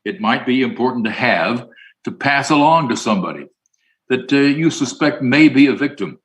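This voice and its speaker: A man giving a conference acceptance speech in a folksy way, answering imagined objections and repeating a hotline number slowly. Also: mid-range voice, expressive, rough recording. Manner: folksy, plays both sides of an imagined dialogue.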